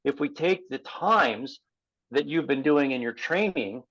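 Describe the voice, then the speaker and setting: A man's voice: medium pitch, lively intonation, unhurried, a bit bright, muffled recording. A man who coaches triathletes, talking casually on a podcast and explaining through practical examples and quoted exchanges with athletes.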